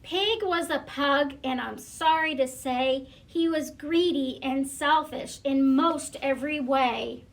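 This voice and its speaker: A woman school librarian reading a picture book aloud to children, gentle and hesitant, often pausing with fillers. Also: high voice.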